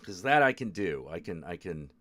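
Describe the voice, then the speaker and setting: A man's voice: deep voice, very animated, moderate pace, fairly bright tone. A man hosting a live stream, muttering and swearing in frustration as he struggles with apps. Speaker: streamer host. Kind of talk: casual live-stream chat.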